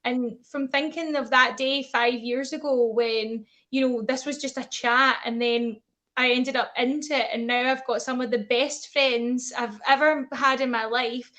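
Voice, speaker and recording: A woman's voice: sits high, fairly even intonation, a little slow, fairly bright tone. A woman chatting casually on a video call, telling stories with lots of giggles. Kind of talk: casual chat.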